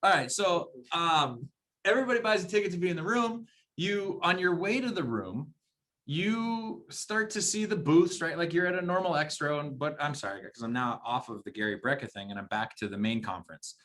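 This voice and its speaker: A man's voice: fairly high pitch, lively intonation, moderate pace, a bit bright. A man from Arizona co-hosting a podcast, telling a rambling story in casual chat with many restarts. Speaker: podcast co-host.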